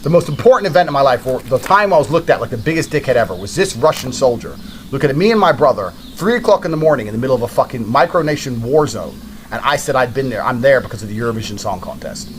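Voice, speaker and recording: A man's voice: medium pitch, animated, fast talker, slight background noise. A man telling a story in a blunt, casual way, with heavy swearing.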